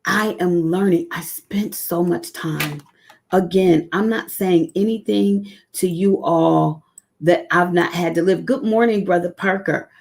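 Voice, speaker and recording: Low gravelly woman giving devotional testimony. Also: darkish tone. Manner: earnest, personal, drawn-out emphatic phrases; emotional, close to tears. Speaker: devotional speaker. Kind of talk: live-streamed devotional testimony.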